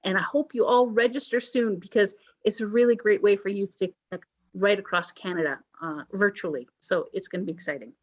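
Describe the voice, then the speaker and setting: Leading a worship service, this woman speaks briskly in a mid-range voice, bantering like a pirate and delivering announcements with a joking, playful touch. It comes through on a dull, lo-fi recording.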